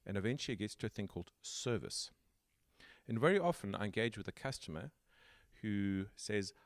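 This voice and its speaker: A man hosting a relaxed tech podcast, talking in a low register. He explains his ideas step by step in a conversational way. The sound is dry and close. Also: fairly quick, no echo. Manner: explanatory, builds points step by step. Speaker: podcast host. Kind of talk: casual tech interview chat.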